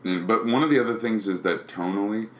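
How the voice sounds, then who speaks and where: A man's voice: lowish voice, fast talker, a little hiss or hum. A man co-hosting a podcast in casual chat, critical and opinionated. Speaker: podcast co-host. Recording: roomy echoey recording.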